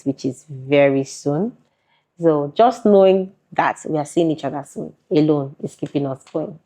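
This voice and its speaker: This woman's voice is low-pitched with a dark tone, and she has a Nigerian accent. She's a content creator being interviewed, chatting casually and often laughing, heard through a muffled lo-fi recording.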